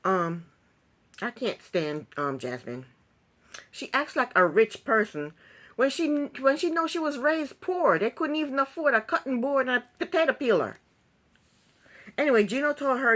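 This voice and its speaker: A woman's voice: high-pitched, animated, moderate pace, a bit bright. A woman talking through a reality TV episode recap in a casual, opinionated way, with many ums. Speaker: recap vlogger.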